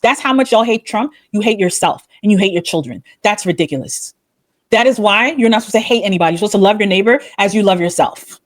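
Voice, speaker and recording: A woman's voice: expressive, quick pace. A woman hosting her own channel, delivering an impassioned, scolding opinion monologue full of rhetorical questions and religious language. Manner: swings between raised outbursts and low, quiet rebukes. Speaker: commentary channel host.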